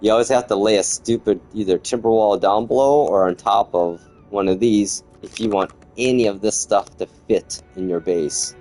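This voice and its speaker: A man's voice: fairly low pitch, moderate pace, few pauses, warm tone, soft background music, low-quality recording. A man chatting casually as he streams gameplay, rambling and grumbling about the game's quirks while he talks to viewers. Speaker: gaming streamer.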